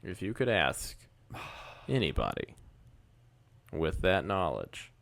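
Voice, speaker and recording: A young man with a deep, creaky voice chats casually as a podcast co-host. He rambles, cracks jokes and laughs often. The tone stays loose and unpolished. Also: very animated, takes it slowly, fairly bright tone. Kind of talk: casual chat.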